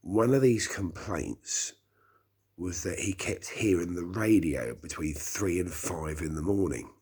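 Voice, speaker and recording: A middle-aged man hosting a solo early-morning podcast from his flat, talking in a slow, rambling, reflective way with sighs. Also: deep voice, breathy edge. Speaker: podcast host. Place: small flat indoors.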